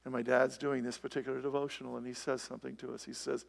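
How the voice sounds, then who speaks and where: Gravelly-voiced man preaching a sermon. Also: mid-range voice, level tone, fast, hardly any pauses. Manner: conversational preaching with many rhetorical questions. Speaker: pastor. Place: church, before a live congregation.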